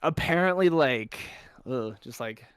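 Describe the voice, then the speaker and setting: A young man co-hosting a casual podcast. He talks at an ordinary middle pitch and breaks into loud, animated bits while telling stories. The sound is close and dry. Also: a little slow, smooth, no echo. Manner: animated storyteller, loud acted outbursts. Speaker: podcast co-host. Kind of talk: casual chat.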